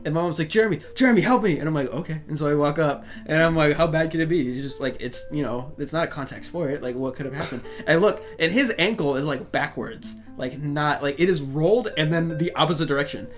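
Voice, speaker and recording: A man's voice: fairly high pitch, fairly quick, few pauses, faint music behind. A young man co-hosting a casual podcast, telling stories with lots of laughter and acted-out quotes. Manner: laughing storyteller, acts out screams and quotes. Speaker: podcast co-host. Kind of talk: casual chat.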